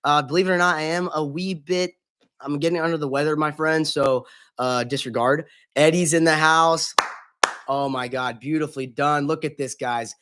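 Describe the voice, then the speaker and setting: A man's voice: fairly high pitch, fairly even intonation, a little fast, fairly bright tone. A man hosting a casual gaming live stream, chatting in an upbeat, chummy way, greeting viewers by name and swearing casually.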